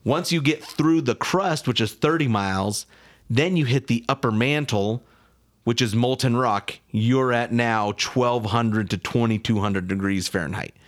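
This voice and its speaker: A man co-hosting a podcast in casual chat, lively and quick to push his voice up when he argues or gets excited. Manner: animated, jumps pitch up when excited or arguing. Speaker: podcast co-host.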